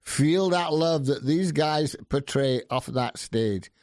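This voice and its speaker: Eager man with a high-ish voice. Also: a little mellow, no room sound, studio quality. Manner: enthusiastic, quick to laugh and praise. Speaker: interviewer. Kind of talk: casual interview chat.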